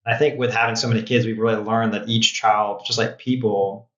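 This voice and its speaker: A middle-aged man guest reflecting on fatherhood in a halting, thoughtful way. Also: on the low side, little pitch movement, fairly bright tone. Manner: reflective, halting, often restarting. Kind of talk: reflective conversational talk. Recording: roomy, dull-sounding audio.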